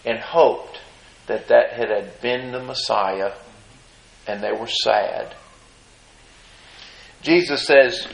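A man's voice: mid-range voice, creaky. A man preaching a sermon, reading scripture aloud and then commenting on it in a folksy, emphatic way. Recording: roomy echo.

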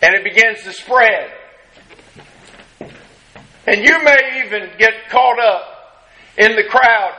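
A man preaching a sermon, retelling a scene dramatically and acting out the crowd's shouts. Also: high-pitched, rough recording. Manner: slow, drawn-out delivery with long pauses.

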